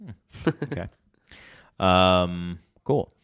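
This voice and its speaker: A man's voice: sits low, expressive, extremely slow, fairly bright tone, clean tone, no room sound. A man co-hosting a podcast in casual chat, rambling and searching for words as he talks. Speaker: podcast co-host.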